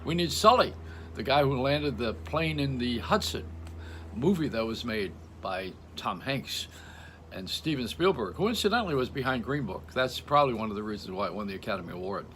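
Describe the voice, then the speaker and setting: A man's voice: mid-range voice, big pitch swings, brisk, a bit bright, a little hiss or hum. An older man hosting, talking in a rambling, joking stream-of-consciousness monologue with frequent laughs, recorded at home. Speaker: radio host. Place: home in Florida.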